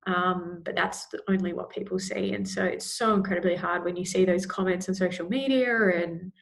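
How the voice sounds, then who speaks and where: A woman's voice: fairly low pitch, fairly even intonation, normal speed, creaky. A woman, a guest athlete, answering an interview question in an earnest, thoughtful way.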